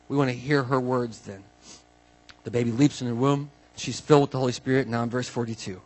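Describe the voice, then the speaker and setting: A man preaching a casual, animated sermon, acting out the people in the story and swinging from quiet asides to loud exclamations. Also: medium pitch, rough recording. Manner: animated, swings from soft asides to loud bursts, acts out quotes. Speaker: pastor.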